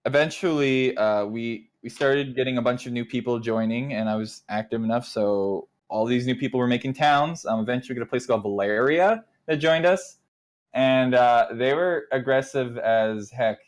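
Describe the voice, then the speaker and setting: A young man leads his online group through its history in a relaxed, rambling way. He keeps slipping into quick impressions of what everyone said, and his voice sits at an ordinary middle pitch. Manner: rambling, acts out quoted exchanges. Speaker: nation leader recounting community history. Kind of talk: casual storytelling to an online community.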